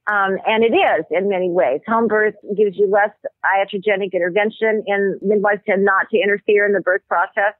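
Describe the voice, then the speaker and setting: A woman, a medical anthropologist guest, explaining ideas and telling stories in a measured way with thoughtful pauses. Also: mid-range voice, steady tone, no room sound. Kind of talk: explanatory interview talk. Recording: tinny phone-line audio.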